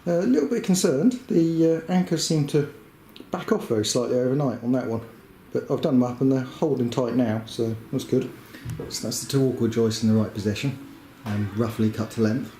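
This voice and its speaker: Male DIY vlogger talking through his work in a bare, echoey room with steady noise behind him. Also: mid-range voice, a little fast, few pauses. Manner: plain, practical, chatty with fillers. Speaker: woodworking vlogger. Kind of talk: casual narration of a build. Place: house under renovation, indoors.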